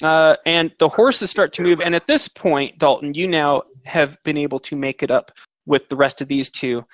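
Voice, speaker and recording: A man's voice: on the high side, moderate pace, no echo. A man running a tabletop game as game master, rambling with fillers and restarts.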